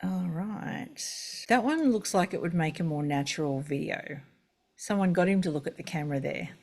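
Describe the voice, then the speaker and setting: Low-voiced woman hosting a call. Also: expressive, moderate pace, darkish tone. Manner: chatty, rambling, many fillers. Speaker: webinar host. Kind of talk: casual video-call chat. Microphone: video call.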